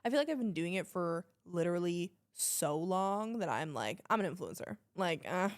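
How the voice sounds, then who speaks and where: A woman's voice: on the low side, expressive, moderate pace. A woman influencer from Canada, a podcast guest chatting casually, bubbly and laughing often as she tells stories. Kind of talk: casual chat.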